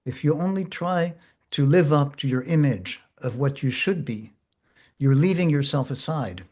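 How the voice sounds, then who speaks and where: A man teaching therapists in a slow, gentle, measured way, pausing often. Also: fairly high pitch. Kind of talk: reflective teaching talk.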